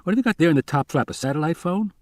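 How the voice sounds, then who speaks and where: A man's voice: fairly high pitch, expressive, racing, a little mellow, no room sound, voice pushed up, lightly acted. A man voicing a chatty, placating biologist. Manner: talkative and explaining.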